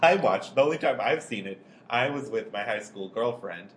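A man's voice: medium pitch, lively intonation, normal speed, slight background noise. A young man co-hosting a podcast in casual chat, laughing a lot as he tells anecdotes. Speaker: podcast co-host.

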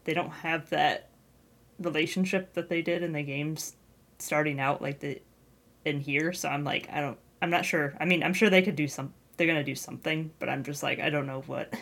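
A woman's voice: sits low, steady tone, moderate pace, gravelly, a bit bright. A woman co-hosting a casual podcast, musing in a tentative, unsure way. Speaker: podcast co-host.

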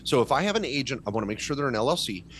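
A man's voice: mid-range voice, rapid-fire, slight background noise. A middle-aged man, a tax lawyer guest, talking in casual podcast chat and telling stories with emphasis. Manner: animated, emphatic storytelling.

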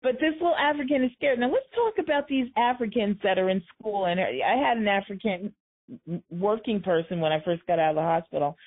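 A woman's voice: mid-range voice, expressive, brisk. A woman hosting a talk show, giving emphatic commentary and repeating her key points for effect. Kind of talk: conversational commentary. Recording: tinny phone-line sound.

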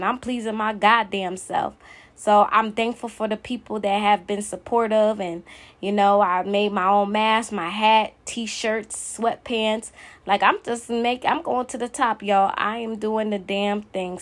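A woman hosting her own podcast, giving a blunt, emphatic motivational monologue that keeps repeating its key points. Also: mid-range voice. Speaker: podcast host.

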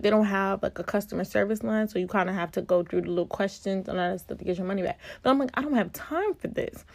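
A woman in her early twenties from Virginia, vlogging a casual storytime with an animated, expressive delivery. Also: mid-range voice, dry recording. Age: early 20s.

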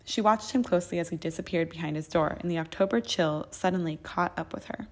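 A woman narrating a fan fiction audiobook in a steady, even reading. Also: on the low side, fast talker.

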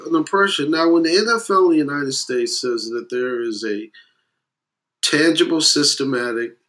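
A man's voice: fairly high pitch, normal speed. Blunt, profane man ranting. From West Indian heritage. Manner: emphatic, blunt, profane, swings between loud bursts and muttered asides. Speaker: commentator. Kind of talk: profane opinion rant.

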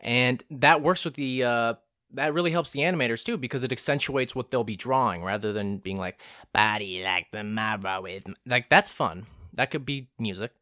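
A man's voice: mid-range voice, a little fast, bright, forceful tone, no echo, clean studio sound. A young man in his twenties rambling casually through a self-deprecating, profane monologue as a vlogger.

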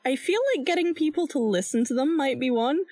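An English woman playing in a tabletop game, playful and quick to apologize. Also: sits high, a little mellow, dry recording. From England. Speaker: player.

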